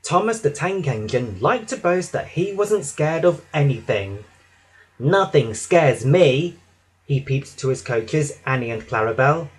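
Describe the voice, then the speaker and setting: A man narrating a children's storybook with an expressive, dramatic reading. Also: fairly high pitch, normal speed, hardly any pauses, breathy edge.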